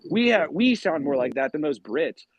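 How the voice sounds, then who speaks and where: A man from New England, talking casually in a rambling, profane, animated way. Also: a little high, moderate pace, highs cut off, a crowd in the background. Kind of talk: casual chat.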